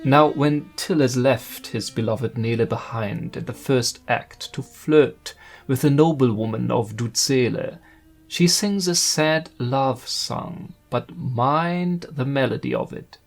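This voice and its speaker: A man narrates about opera in an earnest, measured way, and his voice has a rough, gravelly edge. He sits at a middle pitch for a man. Faint music plays softly behind him. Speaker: video essayist.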